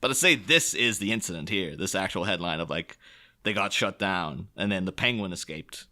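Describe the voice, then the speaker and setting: A man's voice: deep voice, expressive, moderate pace, bright, forceful tone. A man co-hosting a podcast, talking through a film casually, rambling and laughing often as he mimics characters. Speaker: podcast co-host.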